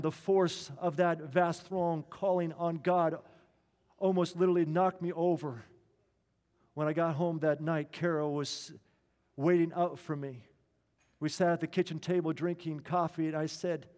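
A man, a pastor, tells a story in an earnest sermon, slowing down to stress key lines. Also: fairly high pitch, flat delivery, darkish tone, in a large hall.

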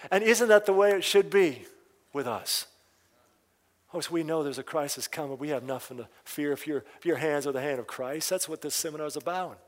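A man leads a prophecy seminar as a fervent, emphatic preacher who keeps asking his listeners direct questions. His voice sits somewhat high. A long reverb trails each phrase through a large church hall. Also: brisk. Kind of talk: sermon.

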